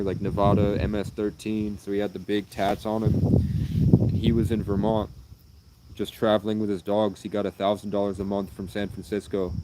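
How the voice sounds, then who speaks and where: A man's voice: lowish voice, warm tone, a little hiss or hum. A man livestreaming, telling long meandering stories in an earnest, rambling way. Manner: meandering, earnest, jumps between anecdotes. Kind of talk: rambling storytelling.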